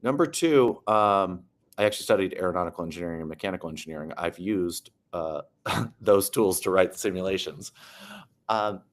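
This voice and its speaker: Opinionated male co-host, low voice, blunt delivery. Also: normal speed. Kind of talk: casual panel chat.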